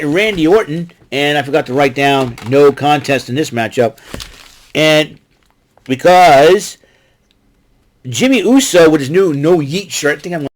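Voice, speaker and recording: A man with a somewhat high voice hosts a casual solo recap of wrestling. He rambles through his notes with fillers and restarts and gets excitable, talking straight back to the wrestlers he describes. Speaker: podcast host recapping wrestling.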